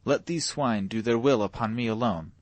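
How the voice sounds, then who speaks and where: A man reading a storybook voicing a calm, proud boy prince in formal archaic speech. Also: medium pitch, moderate pace, no echo, close to an everyday voice. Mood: gentle dignity.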